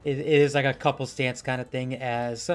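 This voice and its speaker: A man's voice: mid-range voice, little pitch movement, normal speed, smooth, soft background music. A man narrating as the game master of a tabletop game, rambling and full of fillers.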